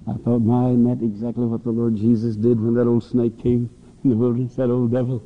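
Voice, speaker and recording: A man's voice: medium pitch, little pitch movement, a little fast. A man preaching a sermon to students, telling folksy stories and acting out voices. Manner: folksy storytelling, acts out voices. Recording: dull lo-fi recording with long hall reverb.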